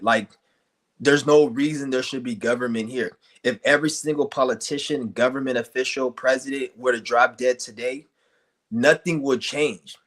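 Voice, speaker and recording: A man vents on a livestream, swearing freely and hammering away with rhetorical questions. His voice sits at a middle pitch, and his insults are blunt and heated. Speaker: streamer ranting to viewers. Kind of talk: angry vlog rant.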